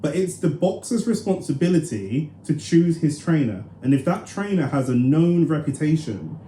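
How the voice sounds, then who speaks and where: A man co-hosting a podcast, arguing his point forcefully, interrupting and acting out quoted voices. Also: on the high side, very animated, normal speed. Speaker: podcast co-host. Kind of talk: casual argumentative chat. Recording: echoey room with faint noise.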